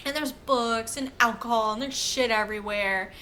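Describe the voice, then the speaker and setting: A woman's voice: a little high, moderate pace, bright, forceful tone, slight background noise. A woman co-hosting a podcast, recapping a film in casual chat with lots of fillers and profanity. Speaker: podcast co-host.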